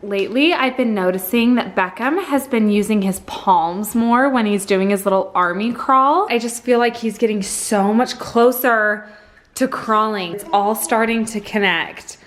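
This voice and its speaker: A woman's voice: medium pitch, measured pace, low-quality recording. A young woman vlogging as a mom, chatting openly and emotionally to her viewers and switching to a sweet singsong with her children. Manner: open and emotional, sweet singsong when talking to her kids. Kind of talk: casual vlog chat to camera.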